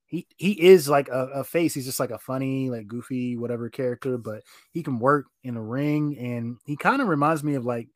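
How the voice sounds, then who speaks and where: A man's voice: mid-range voice, no room sound, studio quality. A man co-hosting a podcast in casual chat, rambling through his opinions with lots of fillers. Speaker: podcast co-host.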